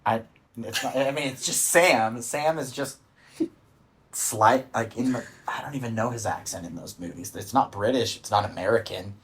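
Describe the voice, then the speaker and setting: A young man hosting a casual podcast, playful and quick to laugh at himself. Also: mid-range voice, a bit bright. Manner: playful, laughs often, self-mocking. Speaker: podcast host.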